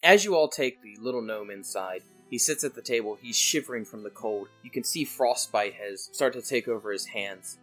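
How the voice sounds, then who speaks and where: A woman narrating a tabletop game as game master, measured and descriptive. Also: a bass voice, expressive, fairly bright tone, husky, soft background music.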